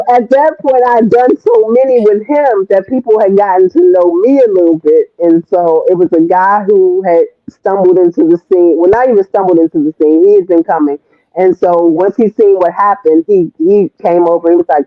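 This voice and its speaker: Animated woman telling a story over a thin, phone-like line. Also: moderate pace, no echo. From Washington D.C. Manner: animated, swears freely, jumps high when quoting herself. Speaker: podcast guest. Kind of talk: casual storytelling. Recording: dry, phone-like narrow sound.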